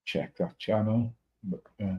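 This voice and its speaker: Welsh male streamer, middle-aged, rambling and sweary, lowish voice, dull lo-fi stream audio. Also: fairly even intonation, unhurried. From Wales. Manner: swears a lot, rambling storytelling. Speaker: livestream host. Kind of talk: casual chat.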